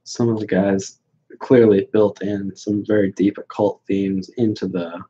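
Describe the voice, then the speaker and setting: Blunt, rambling man with a husky voice. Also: on the low side, flat delivery, a little slow, dark tone, lo-fi sound. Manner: blunt, dismissive, rambling with many fillers. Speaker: host answering viewer questions. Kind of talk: casual livestream chat.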